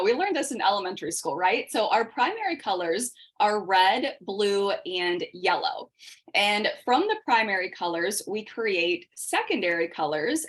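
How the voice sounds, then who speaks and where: A woman teaching an online makeup class over a video call, talking fast in a chatty way. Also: medium pitch, fairly bright tone. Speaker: makeup instructor.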